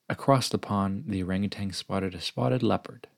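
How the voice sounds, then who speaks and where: A man reading a children's picture book aloud in gentle, even storybook narration. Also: low-pitched, normal speed, vocal fry, hardly any pauses, no echo, clean studio sound.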